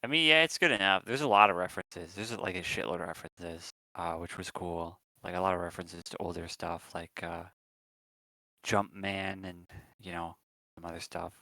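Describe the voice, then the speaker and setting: A man's voice: sits low, steady tone, normal speed, pushed and bright, no echo, low-quality recording. A man co-hosting a podcast, chatting casually and rambling with lots of ums and restarts. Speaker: podcast co-host. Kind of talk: casual chat.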